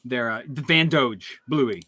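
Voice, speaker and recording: A man's voice: medium pitch, measured pace, sharp tone, slightly rough. A man hosting a casual livestream, upbeat and hyping things up, often restarting his sentences. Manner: upbeat hype, rambling restarts. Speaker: livestream host.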